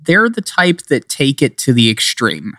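A man's voice: mid-range voice, wildly swooping pitch, measured pace, pushed and bright, no echo, studio quality. A man co-hosting a podcast in casual, joking chat, rambling and sometimes slipping into playful put-on accents. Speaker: podcast co-host.

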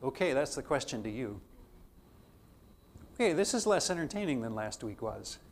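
A man teaching a theology class, putting question after question to his students and swinging between loud emphasis and quiet asides. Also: medium pitch, very animated, moderate pace, slight background noise. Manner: poses repeated questions to the class. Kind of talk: classroom lecture.

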